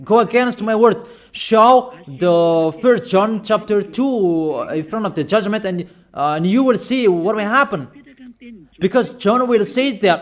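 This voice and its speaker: A man with a rather high-pitched voice delivers a stern sermon. He admonishes his listeners emphatically, pausing between phrases and pressing them with rhetorical questions. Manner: admonishing, emphatic, slow deliberate phrasing with pauses. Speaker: preacher.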